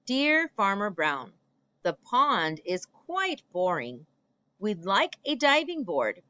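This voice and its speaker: A woman voicing a group of cheeky, demanding pond ducks in a read-aloud storybook, with squeaky quacks. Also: very animated, takes it slowly, sharp tone, smooth, lo-fi sound, heavily acted.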